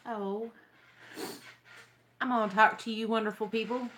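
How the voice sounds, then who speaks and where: A woman's voice: on the high side, fairly even intonation, unhurried, a bit bright, a little hiss or hum. A young woman with a Texan accent, chatting casually to her viewers and telling wry stories. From Texas. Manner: chatty, storytelling, wry and drawling. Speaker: vlogger. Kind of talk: casual chat to camera.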